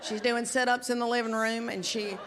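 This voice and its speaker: A woman's voice: on the high side, level tone, a little fast, noisy background. A woman in her fifties with a Southern US accent, doing folksy, chatty stand-up comedy on a live stage. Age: 50s. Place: live comedy venue with audience.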